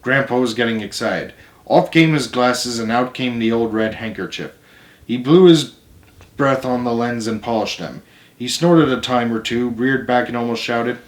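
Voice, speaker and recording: Guy reading a book out loud, middle voice, fixes little slips, echoey room. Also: medium pitch, normal speed. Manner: plain steady reading with small self-corrections. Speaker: storyteller. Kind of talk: reading a novel aloud. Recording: roomy echo.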